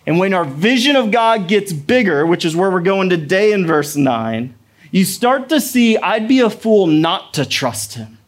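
A man in his thirties, a pastor giving a sermon in a conversational, storytelling way with playful asides. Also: high voice.

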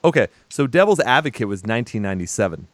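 A man's voice: medium pitch, very animated, fast talker, no room sound. Blunt, sarcastic young man podcasting. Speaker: podcast co-host. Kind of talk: casual movie podcast chat.

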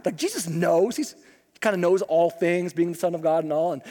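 A man preaching a sermon as pastor, telling the story in a casual, humorous, animated way. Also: high voice, moderate pace, big-room sound.

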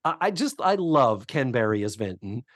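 Animated male podcast co-host. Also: mid-range voice, moderate pace, dry recording, clean studio sound. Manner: animated, acts out characters' lines in quotes. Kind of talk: casual chat recapping a sitcom episode.

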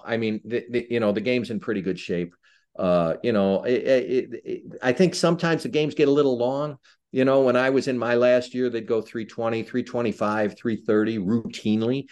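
Older Chicago ex-referee, low voice, chatty self-deprecating storyteller. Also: male voice. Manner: animated anecdotes with self-deprecating humor. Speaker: retired football referee, guest. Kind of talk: casual interview storytelling.

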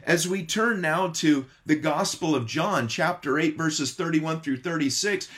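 A man pastor preaching an earnest sermon, opening with a prayer and leaning on key words by slowing down. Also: on the high side, a bit bright.

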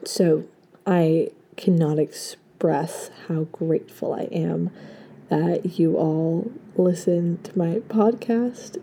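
A hoarse young woman in her late teens hosts her podcast, talking earnestly and effusively. Her voice sits a little low, with a gravelly edge. Its tone is very dark and mellow. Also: steady tone, slow pace, a little hiss or hum. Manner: earnest and effusive, full of thanks. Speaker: podcast host. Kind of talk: casual heartfelt farewell talk.

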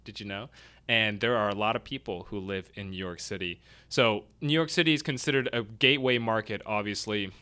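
A man's voice: on the low side, fairly quick, pushed and bright, clean tone. A man hosting a weekly real estate news stream in a casual, chatty way, talking through articles with fillers and self-deprecating asides.

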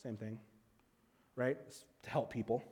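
A man preaching a conversational sermon as a pastor, animated, with quick restarts and playful asides. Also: medium pitch, husky, in a large hall.

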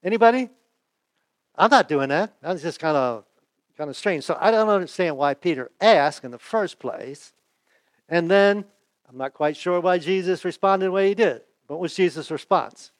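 A man preaching a sermon in a relaxed, conversational way, asking his listeners rhetorical questions. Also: high voice, normal speed, no room sound. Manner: asks the audience rhetorical questions; folksy, chuckles and restarts. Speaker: pastor.

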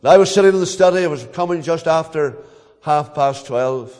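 An older man with a Northern Irish accent preaching a sermon as a pastor, telling stories earnestly with dramatic pauses. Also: a little high, darkish tone, big-room sound.

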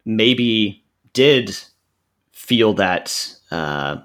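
Man, 30s, from Texas; lowish, reflective, halting interview talk. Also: lively intonation, fairly bright tone. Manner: thoughtful, hesitant, many fillers and restarts. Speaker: guest. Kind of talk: casual interview conversation.

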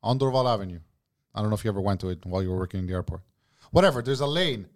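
Man, podcast co-host, rapid and lively, profane, says bro a lot. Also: on the low side. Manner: fast, animated and profane, saying "bro" constantly. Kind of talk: casual chat.

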